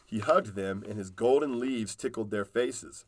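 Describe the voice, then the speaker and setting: A man reading a children's storybook aloud in a calm, unhurried way. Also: on the low side.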